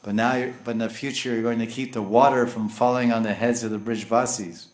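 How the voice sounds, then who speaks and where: A man's voice: mid-range voice, steady tone, a little fast, reverberant, close to an everyday voice. A man voicing a divine male voice from the sky, speaking in a raised, reassuring, commanding way.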